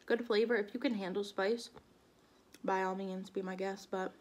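A woman's voice: mid-range voice, fairly even intonation, normal speed. A young woman vlogging to camera, flustered and a bit shaky, her mouth numb from spicy food. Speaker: mukbang vlogger. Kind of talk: casual vlog talk to camera.

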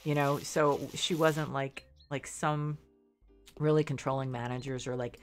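A woman's voice: rumbling low, fairly even intonation, unhurried, soft background music. A congested middle-aged woman chatting casually while streaming a game, rambling and second-guessing herself. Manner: rambling, self-doubting, restarts often. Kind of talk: casual gameplay commentary.

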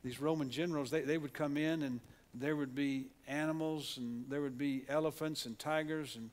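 A man with a slightly high voice and fairly even intonation preaches at a moderate pace in a church sanctuary. He's a pastor with an Oklahoma Southern US accent whose earnest sermon features frequent restarts, repeated words, and call-and-response with the congregation.

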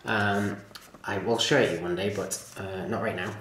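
A man's voice: lowish voice, steady tone, unhurried, a bit bright. A man chatting enthusiastically as he reviews a model train, with rambling asides. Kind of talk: casual hobby video review. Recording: very echoey room, faint noise.

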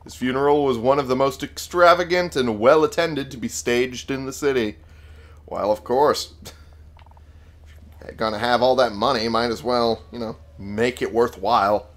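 A man's voice: mid-range voice, fairly even intonation, a little slow. A young man casually commentating his gameplay, swearing freely and talking back to the characters with wry humor. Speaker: let's play gamer.

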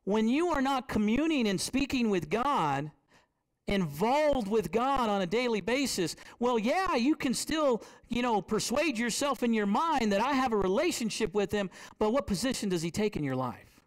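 A male preacher with a high voice that swings widely as he preaches. He talks to the congregation like in a conversation, keeps asking them questions and repeats phrases for emphasis. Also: moderate pace. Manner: animated, conversational, asks the congregation rhetorical questions. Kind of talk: sermon.

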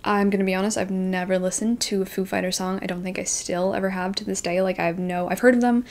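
A young woman in her twenties tells a story straight to camera as a book vlogger. Her delivery is animated and self-mocking, with her voice sitting in a middle pitch for a woman. She peppers her sentences with "like" and laughs at herself as she goes. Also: fast talker. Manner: animated, self-deprecating, says "like" often.

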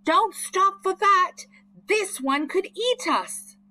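Woman playing a cautious little boy, scolding, high pitched, bouncy. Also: big pitch swings, slow pace, fairly bright tone, a little hiss or hum, exaggerated voice. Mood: urgent. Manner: urgent, scolding. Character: cautious bossy young boy.

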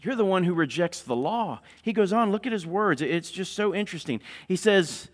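A male pastor preaches with fervor. His voice sits high for a man, and he swings from loud proclamation to low, pressing intensity. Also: lively intonation, moderate pace, few pauses. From North Carolina, USA. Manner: impassioned, swings from loud declaring to hushed intensity. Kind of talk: sermon.

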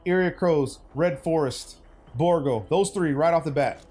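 A young man streaming a game, chatting loosely with his viewers in slangy banter that swings from hype to low mutters. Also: a little slow, warm tone, husky. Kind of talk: casual gaming stream commentary.

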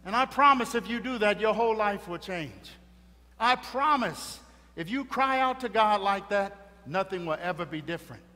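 Dramatic preacher in an echoing hall. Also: male voice, high-pitched, expressive, normal speed. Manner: dramatic, swinging between hushed and loud. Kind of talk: funeral sermon. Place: church funeral service. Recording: reverberant hall with faint music.

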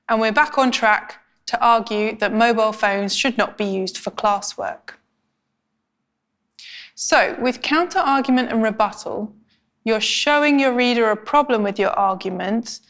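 A woman teaching academic writing in a clear, measured, scripted explainer style. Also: fairly high pitch, a bit bright. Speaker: language instructor.

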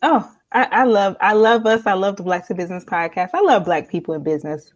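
A woman's voice: mid-range voice, fairly quick, few pauses, no room sound, highs cut off. A woman hosting a podcast interview, enthusiastic and affirming toward her guest. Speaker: podcast host.

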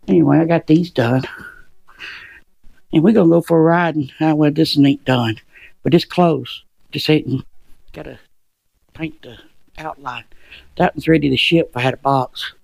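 A man's voice: on the high side, vocal fry, breathy edge, no echo. A man with a Southern Georgia accent, rambling through a casual motorcycle vlog in a joking, folksy way. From Southern United States. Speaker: motorcycle vlogger. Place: outdoors on a motorcycle. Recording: loud wind and engine noise.

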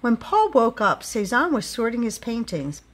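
A woman reading a children's picture book aloud, with expressive storytelling delivery. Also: on the high side, normal speed.

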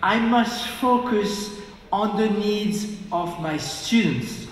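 Sex: man. Role: guest lecturer. Style: public lecture, engaging, asks the audience questions. Pace: slow. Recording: echoey lecture hall with long reverb. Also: high voice, recorded from a distance, a little hiss or hum.

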